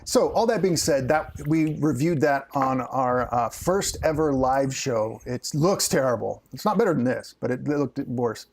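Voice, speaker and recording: A man's voice: medium pitch, expressive, moderate pace, few pauses. A man co-hosting a casual live stream, steering the talk along between topics. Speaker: co-host.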